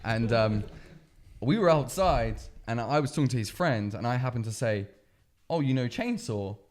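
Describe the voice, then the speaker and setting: A man's voice: mid-range voice, animated, normal speed, darkish tone. A man co-hosting a studio podcast from Canada, telling crude stories with lots of laughter. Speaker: podcast co-host. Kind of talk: casual podcast chat.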